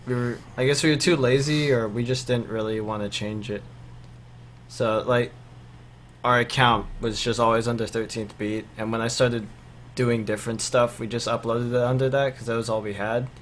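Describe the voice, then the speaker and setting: A man's voice: medium pitch, slight background noise. A young man co-hosting a podcast in casual chat, talking loosely with lots of fillers. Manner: loose and rambling, many fillers. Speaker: podcast co-host.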